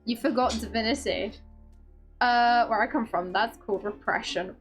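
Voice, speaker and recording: A woman game streamer chats casually and reads game dialogue aloud, giggly and playful. Her voice sits a little high and gets excitable. Faint music plays behind her. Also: normal speed, slightly rough.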